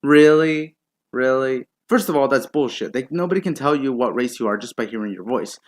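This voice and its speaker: A man's voice: medium pitch, expressive, fast. A man commentating a video he disagrees with, in a sarcastic, profane and incredulous rant. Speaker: YouTube commentator. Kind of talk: reaction rant.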